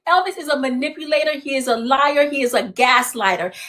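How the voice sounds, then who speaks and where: A woman's voice: sits high, fairly quick, noisy background. A woman from Florida making emphatic, repetitive accusations as a guest on a live stream. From Florida, USA. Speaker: guest, ex-partner.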